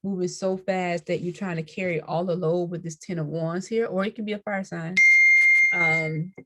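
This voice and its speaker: A woman's voice: fairly low pitch, steady tone, fairly quick, darkish tone. A woman casually reading tarot cards and explaining them to viewers in a chatty way. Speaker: tarot reader.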